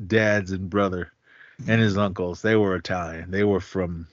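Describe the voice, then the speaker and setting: Podcast co-host, male, from Oakland, lowish voice, rambling and upbeat, dry dull-sounding mic. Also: fairly even intonation, moderate pace, dry recording. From Oakland, California. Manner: rambling, enthusiastic, laughs often. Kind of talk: casual movie review chat.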